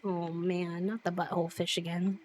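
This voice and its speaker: A woman's voice: on the low side, level tone, moderate pace, background noise. Woman game streamer; casual, chatty play-along commentary with frequent laughs. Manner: chatty, laughs often, thanks followers.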